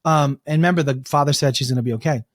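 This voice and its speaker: A man telling animated stories as an interview guest, acting out the people he quotes. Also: fairly high pitch, very fast, no room sound, studio quality. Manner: animated storyteller, restarts and acts out quotes. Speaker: guest, breathwork coach. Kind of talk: storytelling in an interview.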